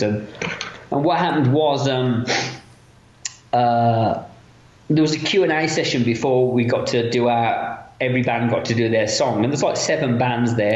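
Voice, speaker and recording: A man's voice: medium pitch, a little mellow. A man from England in his fifties with a Birmingham accent, a guest telling long, profane, rambling anecdotes in casual conversation. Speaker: interview guest. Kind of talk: casual storytelling. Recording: roomy, dull lo-fi sound.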